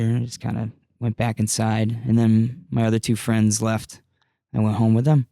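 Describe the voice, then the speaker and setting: A man's voice: mid-range voice, level tone, moderate pace, vocal fry, warm tone, no room sound, clean studio sound. Rambling young man telling a story. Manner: rambling, profane, many fillers. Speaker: podcast guest. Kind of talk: casual storytelling.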